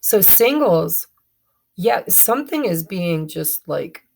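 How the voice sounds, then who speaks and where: Slow-talking woman reading tarot, gravelly. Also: lowish voice, big pitch swings, a little mellow. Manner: chatty, stumbling, self-correcting. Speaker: tarot reader. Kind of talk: casual tarot reading to camera.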